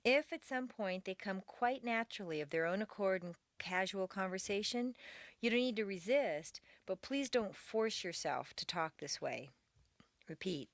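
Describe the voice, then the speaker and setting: Female instructor, scripted lesson narration, deliberate and well articulated, very dry studio sound. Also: medium pitch, expressive, no room sound. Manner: clear, deliberate, careful articulation. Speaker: pronunciation teacher.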